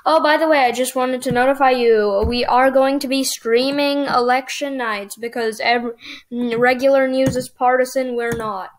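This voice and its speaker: A woman with a high, light voice talks through a game as she plays it. Her casual commentary is excitable, and she thinks aloud as the results come in. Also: normal speed. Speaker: gaming channel host.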